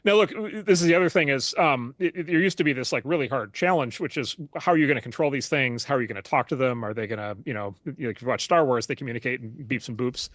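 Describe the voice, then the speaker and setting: A middle-aged man talks at a rapid clip in a casual interview, animated and full of fillers and restarts. His voice sits at an ordinary pitch. The recording is close and dry. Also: dry recording.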